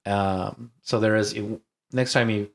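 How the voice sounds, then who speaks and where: A low-voiced man reads plot summaries on a podcast. He explains the series lore in a plain, matter-of-fact way. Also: fairly even intonation, takes it slowly. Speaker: podcast co-host. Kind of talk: casual chat and reading a plot summary.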